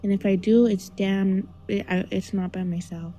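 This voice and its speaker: A young adult woman calling in to tell a scary childhood memory in a hushed, dramatic way that often drops to a whisper. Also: mid-range voice, steady tone, moderate pace, low-quality recording. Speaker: caller. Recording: call-in audio.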